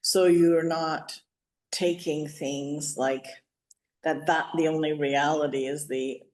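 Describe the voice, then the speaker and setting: Low-voiced woman host. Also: fairly even intonation, slow pace, a little mellow. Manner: affirming, searching for words while asking. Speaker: podcast host. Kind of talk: casual interview talk.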